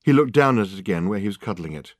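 A man narrating a novel in a measured, expressive storytelling voice. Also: lowish voice, no room sound, clean studio sound. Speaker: audiobook narrator. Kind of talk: scripted narration.

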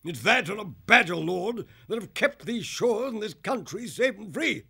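A man doing a plummy raspy hare officer. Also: sits high, lively intonation, normal speed, sharp tone, voice pushed up, exaggerated voice. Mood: jovial. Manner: plummy old-soldier banter. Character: jolly posh male hare officer. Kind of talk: audiobook character voice.

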